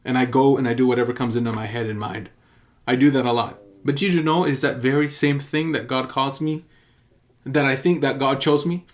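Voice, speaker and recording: A man's voice: mid-range voice, fairly even intonation, fairly quick. A man, a pastor, teaching in an earnest and emphatic sermon style, telling a story and repeating key phrases for emphasis.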